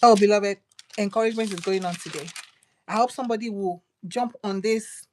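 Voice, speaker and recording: A woman preaching a devotional sermon, repeating phrases emphatically and swinging from loud declarations to hushed whispers. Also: medium pitch, fairly quick.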